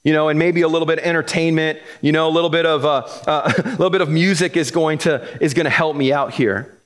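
A man preaching in a relaxed, conversational way, his voice sitting a bit higher than most men's. He acts out quoted voices as he goes and repeats words while building to a point. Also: fast talker. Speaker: pastor. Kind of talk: sermon.

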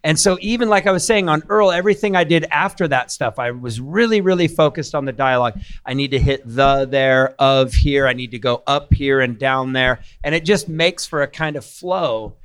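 A man speaking as a guest in a casual chat, halting and repeating words as he gets his thoughts out. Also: medium pitch, a bit bright, clean tone. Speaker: actor, guest.

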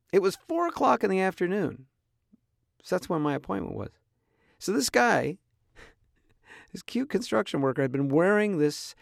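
A man's voice: a little high, vocal fry, no echo, clean studio sound. A middle-aged man from Southern California, hosting a podcast and telling a rambling story in a casual, chatty way with restarts and laughs. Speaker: podcast host.

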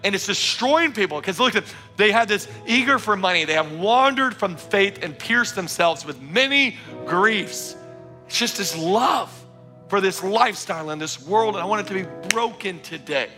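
A man's voice: high voice, expressive, moderate pace, over music. A man preaching a sermon at a church service, fervent and emphatic, urging his congregation again and again. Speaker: pastor.

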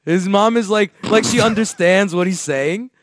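Animated man telling stories. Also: high-pitched, normal speed, no room sound, clean studio sound. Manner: animated, swearing, laughing storyteller. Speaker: podcast host. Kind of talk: casual storytelling chat.

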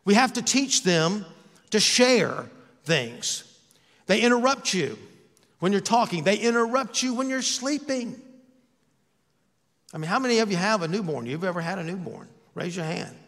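A man's voice: high-pitched, animated, moderate pace, pauses often, a bit bright. Older man preaching in a reverberant church. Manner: conversational preaching with rhetorical questions. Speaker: pastor. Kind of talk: sermon. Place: church sanctuary.

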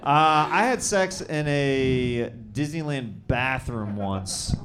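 A man hosting a live comedy show, excitable and rambling, riffing loudly on stage. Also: mid-range voice, slow pace. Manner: excitable, rambling, loud riffs. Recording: live club with crowd noise.

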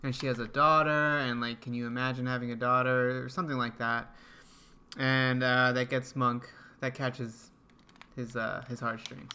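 A man's voice: medium pitch, level tone, normal speed, sharp tone, clean tone. A man co-hosting a podcast, chiming in with short questions and teasing remarks. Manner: brief interjections, teasing questions. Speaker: podcast co-host. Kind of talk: casual chat.

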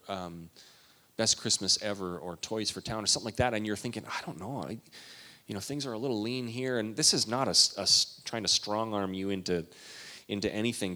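Earnest male pastor preaching. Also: mid-range voice. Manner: earnest preaching, swings from quiet asides to loud emphatic passages. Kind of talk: sermon.

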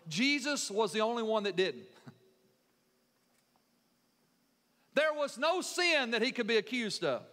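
High bright-voiced male preacher. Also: in a large hall. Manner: preaching with rising emphasis, dropping to soft tender lines. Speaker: pastor. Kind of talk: sermon.

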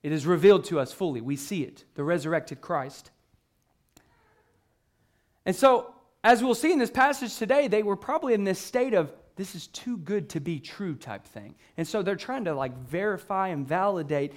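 A man with a high voice preaches a sermon in a loose, conversational way. He often restarts his sentences and uses fillers. Now and then he acts out an excited exchange between characters. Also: normal speed. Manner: acts out the disciples' excited questions. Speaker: pastor.

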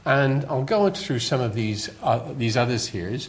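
A man's voice: medium pitch, expressive, a little slow. An older man with a West Country accent giving a public lecture in a hall, chatty and self-deprecating, with fillers and restarts. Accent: West Country English. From West Country of England. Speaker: guest lecturer.

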